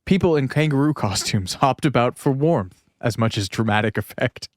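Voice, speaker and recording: A man's voice: mid-range voice, expressive, normal speed, no room sound, clean studio sound. A man co-hosting a podcast, reading an article aloud in a casual tone and breaking off for wry asides and laughs. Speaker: podcast co-host.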